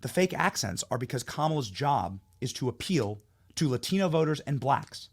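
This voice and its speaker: A man's voice: medium pitch, sing-song, moderate pace, slightly rough. A man hosting a political commentary show, talking in a heated, mocking, emphatic way. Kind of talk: opinionated commentary monologue.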